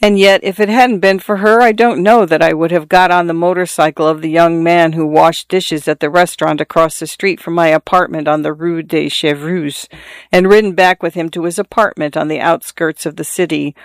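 A man narrates a literary novel with a measured, unhurried storytelling delivery. His voice sits somewhat high for a man and sounds smooth and resonant. The recording is dry and close, with no room sound. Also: steady tone, no echo. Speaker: audiobook narrator.

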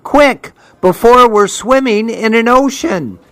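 A man doing a gentle old grandma, high voice. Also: sing-song, takes it slowly, no echo. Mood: bossy.

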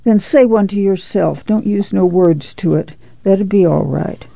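A woman voicing a frail, dying young woman with a low, soft voice. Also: measured pace, vocal fry, dry recording, dull audio. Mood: tender.

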